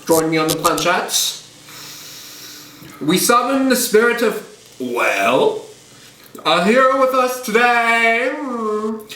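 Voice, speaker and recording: A man's voice: very high voice, expressive, bright, forceful tone. A man co-hosting a campy comedic review podcast, playful and theatrical, drawing his words out. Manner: playful and theatrical, slow and drawn out. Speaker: podcast co-host. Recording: roomy and noisy.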